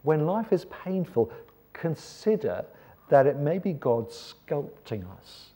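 A man's voice: medium pitch, dark tone, breathy edge. An Englishman giving a sermon-style seminar talk, conversational with rhetorical questions and wry asides. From England. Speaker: seminar speaker.

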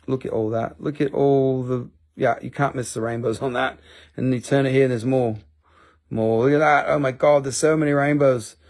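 This Appalachian American man hosts a live-selling stream for crystals, chatting casually, rambling, joking at his own expense and swearing freely. He speaks at normal speed in a mid-range, slightly mellow voice with fairly even intonation.

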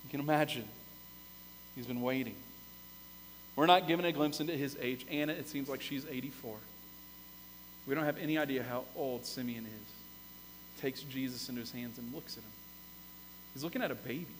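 A man preaching a sermon as pastor, telling the story with lively, animated emphasis that swells to loud peaks. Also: medium pitch, moderate pace, pauses often, in a large hall, a little hiss or hum, low-quality recording. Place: church sanctuary.

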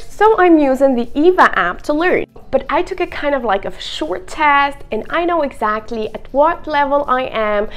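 A young woman teaching English in a lively video lesson, her voice swooping high and low as she talks straight to the viewer. Her pitch sits a bit above average and she plays with emphasis. Soft music runs faintly underneath. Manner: expressive, playful, direct to camera. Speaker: English teacher and content creator.

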